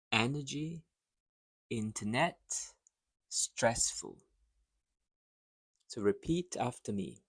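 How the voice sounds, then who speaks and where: A man teaching English pronunciation, speaking deliberately and saying each model phrase twice for the listener to repeat. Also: medium pitch, slightly rough, dry recording, studio quality. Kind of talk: pronunciation lesson.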